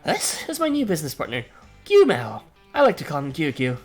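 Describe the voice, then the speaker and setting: Man voicing a sly fox lady executive for a game, put-on British accent, sweet and smug, lively pitch. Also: brisk, faint music behind.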